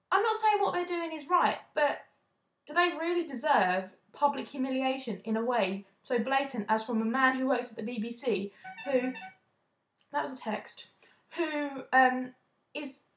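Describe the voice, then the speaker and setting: A young woman from the UK giving a casual, indignant opinion vlog, talking quickly and often restarting her sentences. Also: high-pitched. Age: young adult. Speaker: vlogger. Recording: echoey room.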